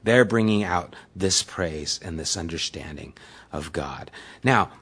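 A man's voice: sits low, expressive, a little slow, a bit bright, breathy edge. A man preaching a sermon as the pastor, retelling scripture in everyday, conversational words.

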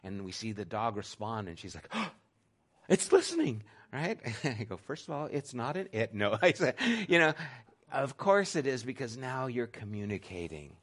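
A middle-aged man preaching a sermon as pastor, talking conversationally and swinging between loud emphasis and a soft hush. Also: mid-range voice, big pitch swings, normal speed.

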